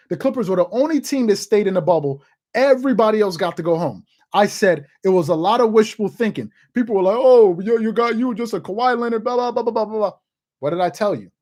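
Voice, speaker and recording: Thirty-something sports host, forceful and repetitive, ranting opinion piece to camera. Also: mid-range voice. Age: 30s. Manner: emphatic and repetitive, hammering points home.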